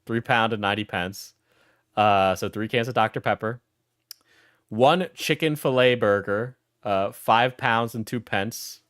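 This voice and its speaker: A man's voice: fairly low pitch, unhurried, a bit bright, dry recording, studio quality. A man streaming and reacting casually, laughing often and restarting his sentences.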